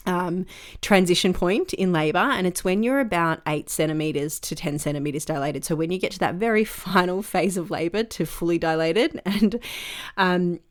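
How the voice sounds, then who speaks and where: Woman, young adult, slightly low pitch, casual podcast storytelling, chatty with lots of fillers. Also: moderate pace. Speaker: podcast host.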